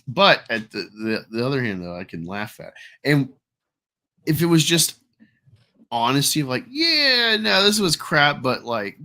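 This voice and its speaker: A man's voice: fairly low pitch, fairly bright tone. A man co-hosting a casual livestream, giving blunt, profane and sarcastic opinions. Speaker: podcast co-host.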